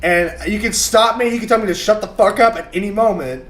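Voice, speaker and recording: A man's voice: high-pitched, a little fast, fairly bright tone. A man chatting on an online call, rambling and swearing freely as he explains things. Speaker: player on a show. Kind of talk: casual banter on an online call. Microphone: online call mic.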